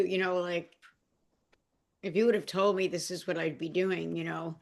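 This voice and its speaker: Gravelly low-voiced woman sharing heartfelt stories. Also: fairly even intonation. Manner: heartfelt, halting, many restarts and fillers; emotional. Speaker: podcast guest. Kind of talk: personal sharing in conversation.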